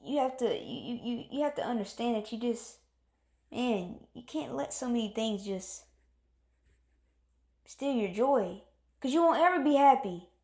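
Woman, casual motivational talker, earnest and repetitive, a bit high, echoey room. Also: lively intonation, measured pace, long pauses, darkish tone. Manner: earnest, repetitive, encouraging, acts out moods. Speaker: motivational speaker.

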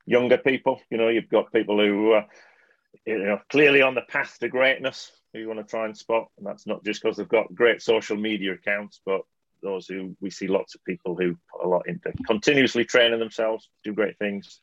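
Male guest, low voice, earnest and measured, dull dry line. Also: fairly bright tone, dry recording. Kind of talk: casual chat.

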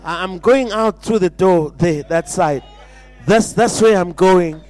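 A man's voice: high-pitched, a little slow, a little mellow, faint music behind. A man preaching an impassioned sermon, repeating phrases and stumbling into restarts.

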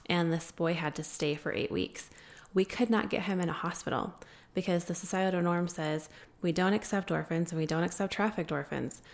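Creaky-voiced woman telling a story. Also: lowish voice. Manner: earnest, many filler pauses. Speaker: guest, founder of an anti-trafficking group. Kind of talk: interview storytelling.

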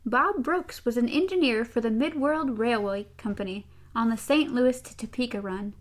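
A woman's voice: on the high side, moderate pace. A woman co-hosting a podcast, casually reading a storybook aloud with amused asides. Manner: amused, laughs through the reading. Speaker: podcast co-host.

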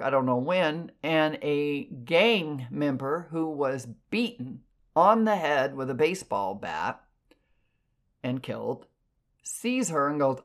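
A woman clairvoyant telling stories in an animated, expressive way. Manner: animated, expressive, jumps in pitch for emphasis. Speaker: clairvoyant podcast guest. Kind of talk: casual storytelling.

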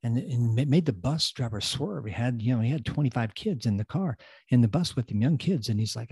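A man hosting a podcast, giving a motivational talk and repeating phrases, swinging from loud emphasis to quiet asides. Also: medium pitch, expressive, a little fast, vocal fry, slightly rough, dry recording. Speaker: podcast host.

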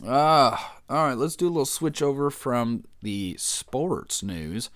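A man's voice: mid-range voice, expressive, slow, a bit bright, no echo, studio quality. A man casually reading headlines aloud and reacting to them, joking and rambling, calling people "man" and "dude". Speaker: vlogger reacting to news.

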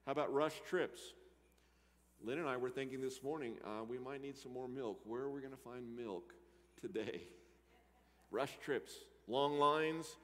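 A man preaching a sermon, moving between loud emphatic lines and quiet asides. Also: medium pitch, a little slow. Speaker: pastor. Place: church sanctuary. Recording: church hall reverb.

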